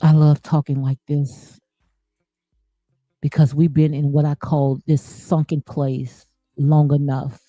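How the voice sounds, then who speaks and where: A woman's voice: sits low, little pitch movement, slow pace, warm tone, no echo, faint music behind. A woman giving impassioned spiritual commentary, preachy and emphatic, repeating phrases for emphasis. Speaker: commentary host.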